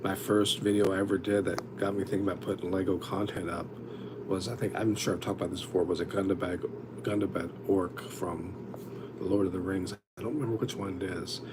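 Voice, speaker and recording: A low-voiced man hosts a livestream, speaking fairly quickly in a level tone over some background noise. He rambles through stories in casual chat, constantly interrupting himself and starting over.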